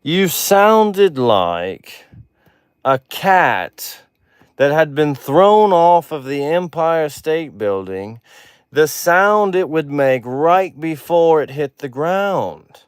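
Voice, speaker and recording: A haughty British talent-show judge draws out cutting verdicts, in a man's put-on British accent. The voice is pitched above the man's own and stays smooth and clear. The sound is dry and close. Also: sing-song, extremely slow, dry recording, heavily acted. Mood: withering.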